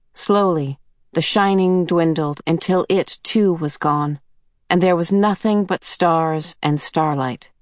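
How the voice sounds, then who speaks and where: A woman reading a novel aloud as an audiobook narrator, in measured storytelling. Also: lowish voice, darkish tone, dry recording, clean studio sound. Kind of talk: scripted narration.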